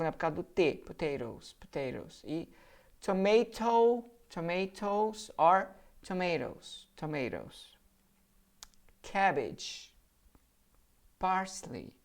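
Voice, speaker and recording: Brazilian-accented woman, teacher running an English word drill, deep voice, slow and deliberate. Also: a little mellow. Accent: Brazilian Portuguese. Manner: deliberate, models each word for repetition. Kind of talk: vocabulary pronunciation drill. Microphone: handheld or desk microphone.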